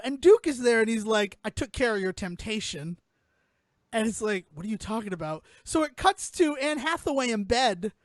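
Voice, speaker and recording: A man hosting a casual comedic film recap, animatedly retelling scenes and acting out characters in lowered voices. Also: no echo. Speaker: podcast host recapping a film.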